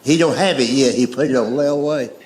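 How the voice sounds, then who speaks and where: A man telling folksy stories on a comedy stage in a drawling, deadpan way. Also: mid-range voice, a little fast, noisy background. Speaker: stand-up comedian. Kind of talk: stand-up storytelling. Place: comedy stage before a live audience. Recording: echoey live venue.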